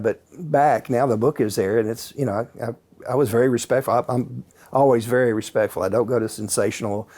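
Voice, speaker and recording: A man, a guest author and paranormal researcher, telling stories in a calm, casual way with many fillers. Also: medium pitch. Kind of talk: relaxed anecdotal storytelling.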